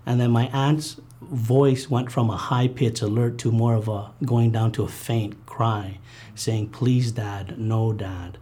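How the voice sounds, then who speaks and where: A man recounting a painful childhood memory in an interview, earnest and halting, with many fillers and restarts. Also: mid-range voice, little pitch movement, mellow, husky. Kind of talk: personal testimony interview.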